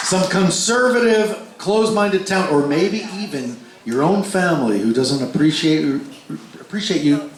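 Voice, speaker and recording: A man telling a story live between songs, animated and swinging his pitch for the voices he quotes, swearing freely. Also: unhurried. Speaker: stage performer telling a story. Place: large concert hall before a live crowd. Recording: echoey live hall with crowd.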